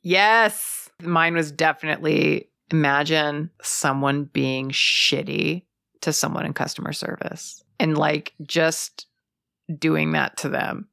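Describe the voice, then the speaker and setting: A woman co-hosting a podcast in casual chat, animated and swearing freely as she acts out quotes. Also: sits low, slow, vocal fry, no echo, studio quality. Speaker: podcast co-host.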